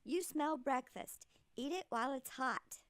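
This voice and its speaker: A woman's voice: high voice, measured pace, clear, resonant tone, dry recording. A woman voicing a giant's no-nonsense wife in a read-aloud storybook, brushing off her husband. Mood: dismissive. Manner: dismissive, matter-of-fact. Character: brusque practical giant's wife, unimpressed.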